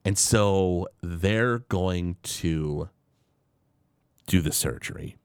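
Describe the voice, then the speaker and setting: A man chatting casually on a podcast, retelling a cartoon episode with lots of fillers and quick quoted bits. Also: sits low, a little mellow, clear, resonant tone, no room sound, clean studio sound. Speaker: podcast host.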